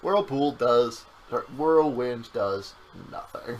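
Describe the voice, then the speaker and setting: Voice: medium pitch, expressive, takes it slowly, rough recording. A young adult game streamer in casual gameplay chat, teasing and swearing often. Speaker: game streamer playing through the game.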